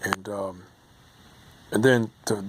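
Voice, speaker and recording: A man in his late forties from the United States, speaking in a lowish voice. He reminisces in a loose, rambling way, often pausing on ums and restarting his sentences. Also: steady tone, slight background noise. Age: 40s. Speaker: vlogger. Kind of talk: casual reminiscing monologue.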